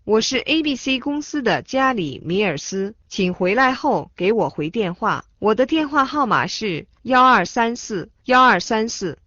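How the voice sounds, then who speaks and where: Animated woman, slightly high, sing-song lesson reading. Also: normal speed, hardly any pauses, no echo. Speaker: Chinese phrase reader. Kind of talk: scripted phrase reading. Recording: dull dry studio sound.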